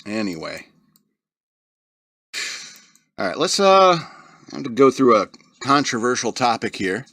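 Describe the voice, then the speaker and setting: The host's medium-pitched voice is gravelly, slightly bright and sing-song, moving at a normal speed on a dry recording. He laughs his way through a rambling, casual comedy monologue, slipping into mocking voices for quotes.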